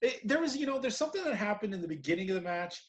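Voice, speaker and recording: A man's voice: high voice, very animated, rapid-fire. A man co-hosting a podcast, recapping wrestling matches in casual, rambling chat and laughing often. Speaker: podcast co-host.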